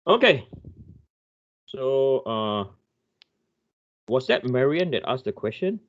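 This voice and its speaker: A man's voice: medium pitch, big pitch swings, takes it slowly, dull audio. A man lecturing an engineering class online. He thinks aloud, apologizes often and restarts his sentences.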